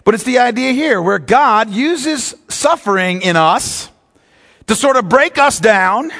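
A man with a notably high voice preaches a sermon, stretching key words and then rattling off quick asides. He sounds middle-aged. The words ring out in a long hall reverb. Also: animated, creaky, pushed and bright. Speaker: pastor.

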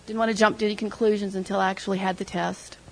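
A woman's voice: medium pitch, flat delivery, very fast, gravelly, poor audio. A middle-aged woman sharing an emotional personal testimony with her church group, retelling conversations as she goes. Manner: emotional storytelling, quoting others.

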